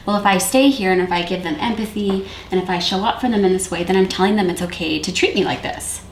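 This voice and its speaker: A woman who works with high-risk youth, talking calmly and reflectively about parenting, with many fillers. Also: fast. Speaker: youth worker. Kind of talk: conversational discussion on parenting. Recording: echoey room with faint noise.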